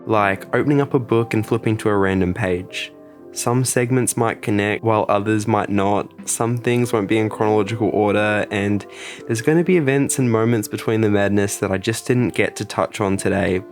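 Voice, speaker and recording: A man's voice: lowish voice, normal speed, soft background music. A man hosting his art channel, chatting to camera in a playful, jokey and dramatic way. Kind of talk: casual chat to camera.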